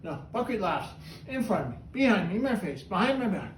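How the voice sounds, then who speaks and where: A man hosting a trained parrot show, chatty and animated as he coaxes his bird through its tricks. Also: sits high, fairly quick, slight background noise. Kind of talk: showman's patter with a pet bird. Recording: echoey room, voice from far off, faint ambience.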